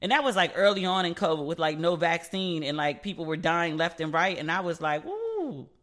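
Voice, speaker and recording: Woman, solo podcast host and relationship expert; frank and gossipy, salty language, bright timbre. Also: on the low side, fairly even intonation, brisk. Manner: candid and chatty, swears freely, acts out quoted exchanges.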